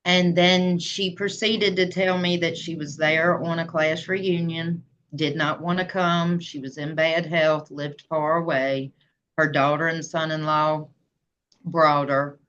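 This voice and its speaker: A woman's voice: sits low, little pitch movement, slow, a bit bright, slight background noise. A woman, telling her own story plainly and earnestly as an interview guest. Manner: earnest, plain-spoken, voice rising when emotional. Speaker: guest, memoir author. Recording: slightly dull lo-fi sound.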